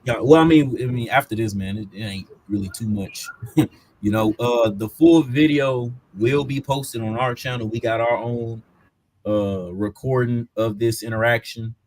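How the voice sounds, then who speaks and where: A man's voice: mid-range voice, normal speed, darkish tone. A man hosting a live reaction stream, commenting on a debate clip. He laughs often and talks in a loose, mocking way.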